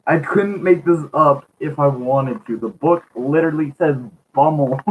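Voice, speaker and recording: A man's voice: a little high, a little slow, narrow, tinny audio, slight background noise. A man reading a children's book aloud for a video, repeatedly cracking up with laughter. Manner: giggly, keeps cracking up while reading.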